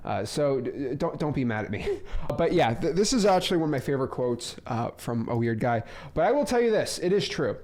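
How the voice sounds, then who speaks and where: A young man teaching a casual course on real estate wholesaling, joking and rambling into asides, with sudden loud bursts. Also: mid-range voice, big pitch swings, brisk.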